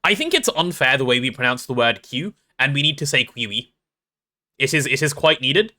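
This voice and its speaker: Lively bright-voiced English man streaming. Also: medium pitch. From England. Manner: chatty, reads chat aloud and answers it, jokey and quick to apologize. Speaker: livestreamer. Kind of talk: casual gameplay livestream chat.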